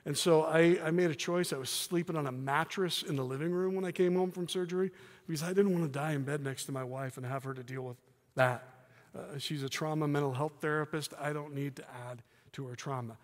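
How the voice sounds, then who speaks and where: A middle-aged man preaches from a church stage, his voice sitting a little high for a man. He speaks in an earnest, candid way, slipping in soft self-deprecating laughs. The sound carries a long reverb from the church hall around him. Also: fairly even intonation, a little fast. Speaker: guest preacher. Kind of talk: sermon with personal testimony.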